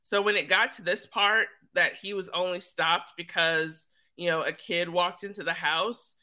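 A woman's voice: fairly low pitch, steady tone, normal speed, pushed and bright. A woman co-hosting a TV recap podcast, speaking thoughtfully with some fillers. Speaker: podcast co-host.

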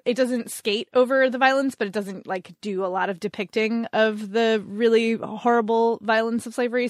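Woman host, upbeat book chat, voice a touch high, dry close sound. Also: fairly bright tone, no room sound. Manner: enthusiastic, quick asides, acts out characters. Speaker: podcast co-host.

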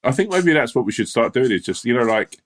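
A man's voice: medium pitch, very animated, fast talker, faint music behind. A man co-hosting a podcast, telling stories in a casual chat. He laughs often and acts out bits of dialogue. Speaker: podcast co-host.

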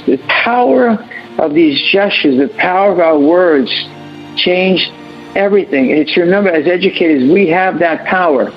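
A man's voice: fairly high pitch, lo-fi sound. A man speaking as an educator on a panel, earnest and preachy, often repeating his phrases. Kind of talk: impassioned panel remarks.

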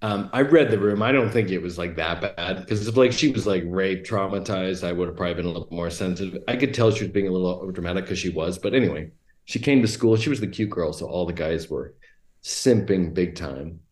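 Guy on a podcast telling crude stories, lowish voice, kinda roomy echo. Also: fairly quick. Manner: blunt, animated storyteller with frequent fillers. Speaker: podcast guest. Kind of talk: casual storytelling chat.

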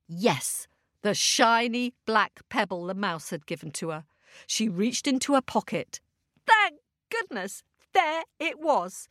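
A woman's voice: fairly high pitch, big pitch swings, measured pace, fairly bright tone, a little hiss or hum. A woman telling a children's story aloud, asking the young listeners questions and making sound effects.

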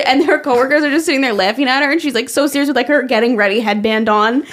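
Young woman, Long Island accent, podcast co-host; animated and salty, bright higher register. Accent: Long Island New York. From Long Island, USA. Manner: animated, swearing, quick laughs. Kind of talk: casual chat.

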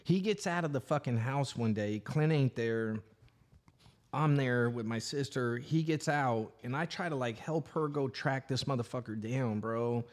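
A man co-hosting a podcast, telling profane, animated stories in casual chat. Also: mid-range voice, a little slow. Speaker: podcast co-host.

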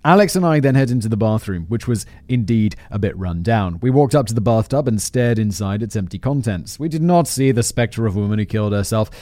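A man's voice: fairly low pitch, expressive, a little fast, hardly any pauses, dark tone, no echo. Dry, sardonic male podcast host. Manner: sardonic, swearing, self-mocking. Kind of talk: reading a story aloud with sardonic asides.

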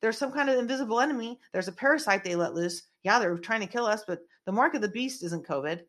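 A woman's voice: a little high, lively intonation, fast talker, a bit bright. Brief: woman host, rambling conspiratorial commentary, lots of fillers, small room. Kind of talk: casual political commentary.

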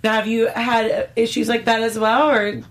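A woman's voice: on the high side, little pitch movement, moderate pace. A woman hosting a casual chat about a TV episode, steering the conversation. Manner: chatty, steers the discussion. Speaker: host.

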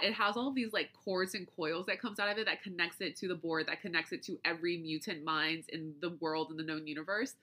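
A woman's voice: on the low side, bright, forceful tone. A woman hosting a podcast, reading out long lists item by item and then explaining things loosely, with restarts along the way. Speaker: podcast host. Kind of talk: casual podcast chat.

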